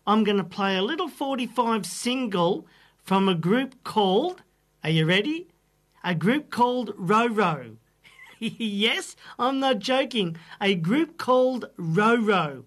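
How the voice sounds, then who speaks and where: Aussie lady radio host, slow and chatty, rambling about old bands in a studio. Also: mid-range voice. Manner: unhurried, chatty, muses aloud over trivia. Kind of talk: radio DJ presenting oldies.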